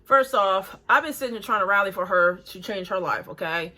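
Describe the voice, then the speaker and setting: A woman in her forties gives blunt, critical reaction commentary in a casual, chatty way. She breathes hard between phrases, and her voice is bright and forceful. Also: mid-range voice, animated, a little fast. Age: 40s. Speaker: reaction video host.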